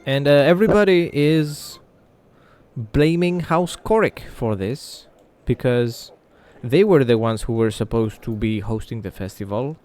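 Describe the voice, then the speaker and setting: A man narrating a tabletop game as game master, in slow, measured speech with pauses. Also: medium pitch, animated, a little mellow.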